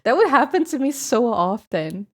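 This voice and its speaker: A woman's voice: fairly high pitch, sing-song, moderate pace. Rambling Swedish-accented woman streamer. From Sweden. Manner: rambling, chatty, swears casually. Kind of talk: casual chat with viewers.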